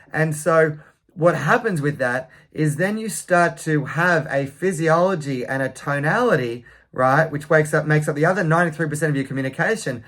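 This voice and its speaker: A man's voice: fairly high pitch, normal speed, a bit bright. A man, a sales coach, giving an emphatic motivational talk to the camera, often correcting himself and adding "right?" tags.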